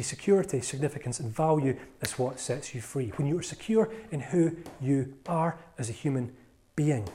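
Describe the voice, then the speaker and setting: A man's voice: medium pitch, mellow, a little hiss or hum. A man giving a live seminar talk to an audience, playful and jokey as he works with volunteers on stage. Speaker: motivational speaker.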